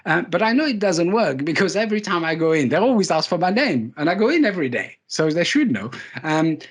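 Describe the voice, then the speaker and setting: A keynote speaker gives a live leadership talk, his voice high-ish, sing-song and a little fast with a breathy edge. He tells stories with self-deprecating humour and repeats key words for emphasis.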